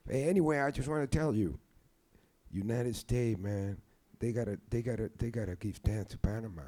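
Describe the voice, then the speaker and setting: A man's voice: mid-range voice, normal speed, mellow, natural voice. A man putting on the voice of an older male jazz musician leaving an easygoing, repetitive phone message. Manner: easygoing, casual, repeats himself.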